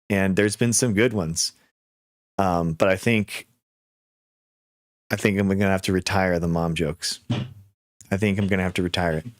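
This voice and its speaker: Low-voiced man on a chatty livestream. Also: dry recording, clean studio sound. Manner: animated, lots of filler and restarts, quick mocking asides. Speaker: livestream host. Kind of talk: casual livestream chat.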